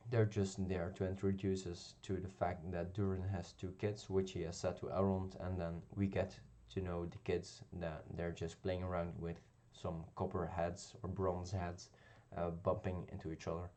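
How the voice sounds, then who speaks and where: A man's voice: low voice, flat delivery, moderate pace, hardly any pauses, mellow. A man giving a casual spoken review of a television episode, talking hesitantly with many ums and restarts. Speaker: video reviewer.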